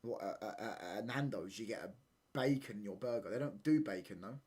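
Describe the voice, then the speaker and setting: A young man chatting casually and slangily on a live football watchalong stream, sometimes getting loud when he rants. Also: on the low side, expressive, a little fast, slightly rough. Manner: casual slangy banter, repeats phrases, gets loud when ranting.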